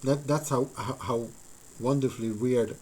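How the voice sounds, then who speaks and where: A man on a live stream talks his viewers through building a model, his voice sitting at an ordinary middle pitch. He rambles and thinks aloud, filling gaps with ums and uhs. A faint noise runs under his voice. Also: steady tone, moderate pace, darkish tone, rough recording. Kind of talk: casual live-stream chat while crafting.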